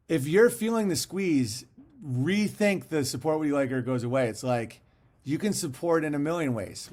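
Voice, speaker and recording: Male livestream host, casual and profane, rambling, slightly high-pitched. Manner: profane, rambling, laughs often. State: fasting. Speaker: livestream host reading viewer messages.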